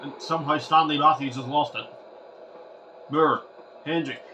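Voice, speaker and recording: A man commentating his own retro football game, ranting and shouting at the players when things go wrong. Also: on the high side, fairly even intonation, moderate pace, a little hiss or hum. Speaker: gaming channel host.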